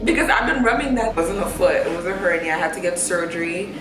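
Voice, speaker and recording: A young woman tells her stories in a relaxed, slangy way and laughs easily as she goes. Her voice sits in a middle range. The room rings around her, and music plays in the background. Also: lowish voice, fast talker, distant mic. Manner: animated storyteller, laughs often. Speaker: host. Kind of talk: casual chat. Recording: roomy sound with music behind.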